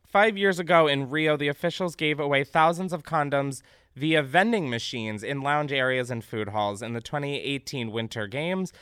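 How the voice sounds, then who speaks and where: A man's voice: fairly high pitch, moderate pace, clear, resonant tone, dry recording, studio quality. A young man hosting a podcast, riffing on news stories in casual, sarcastic comedic chat, swearing freely. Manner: animated, sarcastic, swears freely, breaks into laughter. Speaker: podcast host.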